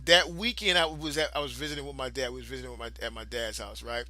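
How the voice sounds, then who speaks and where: Bright, laughing man telling stories. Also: medium pitch, steady tone, quick pace, dry recording. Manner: profane, laughing, loose rambling storyteller. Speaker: podcast co-host. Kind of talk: casual storytelling chat.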